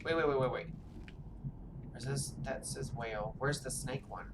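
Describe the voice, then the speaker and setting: A woman's voice: very deep voice, moderate pace, a little hiss or hum. A woman streaming a game from home, chatting casually and rambling with lots of fillers. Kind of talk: casual chat while gaming.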